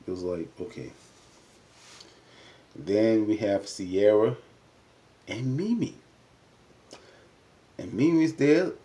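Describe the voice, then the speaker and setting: A man talking through a reality show episode in casual recap commentary, with a fairly low voice. His tone is mellow and warm rather than bright. He chats loosely with lots of fillers and keeps jumping up in pitch to act out the cast's lines. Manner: chatty, many "you know" fillers, jumps up in pitch to act out quotes.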